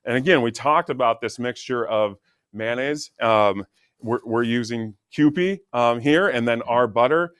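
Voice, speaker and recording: A man's voice: medium pitch, measured pace, fairly bright tone, clean tone, dry recording, studio quality. A man who is an executive chef, answering easygoing questions as a guest on a TV interview. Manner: easygoing, with fillers and restarts.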